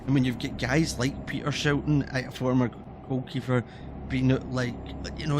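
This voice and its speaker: A man's voice: mid-range voice, fairly even intonation, normal speed, background noise. A man from Scotland with a Scottish accent, ranting in a casual, heated and sweary way as he streams a game. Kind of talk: casual ranting commentary while playing.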